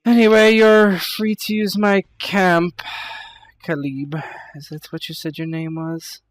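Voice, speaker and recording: A man's voice: high-pitched, level tone, slow pace, pitched above the performer's own voice. Aloof desert priestess, as a man puts her on. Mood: cool, formal. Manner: formal, aloof speech. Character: proud female desert priestess.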